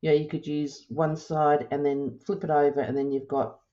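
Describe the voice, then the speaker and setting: Low-voiced woman demonstrating a craft. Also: normal speed, muffled recording. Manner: relaxed, chatty, thinking aloud with ums and self-corrections. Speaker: crafting tutorial host. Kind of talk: casual step-by-step demonstration.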